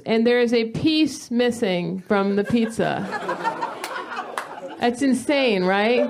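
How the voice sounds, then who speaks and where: A woman in her thirties performing a stand-up comedy set, telling stories in an animated way and breaking into mock yelling. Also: on the high side. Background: audience laughter.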